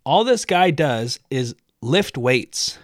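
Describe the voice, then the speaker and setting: A man's voice: mid-range voice, very animated, slow, dry recording, clean studio sound. A man hosting a solo podcast from indoors, ranting in a profane, sarcastic, rambling way. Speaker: podcast host. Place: indoors by a window.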